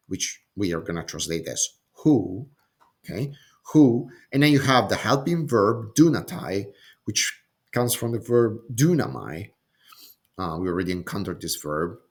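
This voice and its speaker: A man teaching a Bible passage word by word, speaking slowly and deliberately, often pausing with "um" and checking in with "okay?". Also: lowish voice, a bit bright. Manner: slow and deliberate, frequent "okay?" and "um", repeats words while thinking. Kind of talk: slow explanatory lesson.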